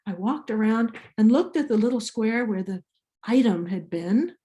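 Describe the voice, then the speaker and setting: An older woman from Iceland with an Icelandic accent, telling a personal story in a slow, deliberate way with small restarts. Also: fairly high pitch, mellow, roomy sound. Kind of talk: personal story told to an audience.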